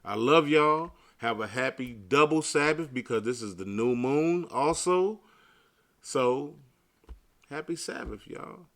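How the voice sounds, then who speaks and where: A man preaching to his online audience in a loose, conversational way. He drops into slang between passages of scripture read aloud, and his voice rises from low murmurs to loud bursts. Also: lively intonation, slow. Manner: casual street talk mixed with scripture reading. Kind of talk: informal sermon to viewers.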